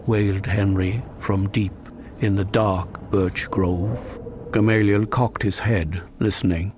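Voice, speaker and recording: A man narrating a suspenseful first-person story in a measured, dramatic way, breaking into sharp cries at tense moments. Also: deep voice, a little hiss or hum. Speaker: audiobook narrator.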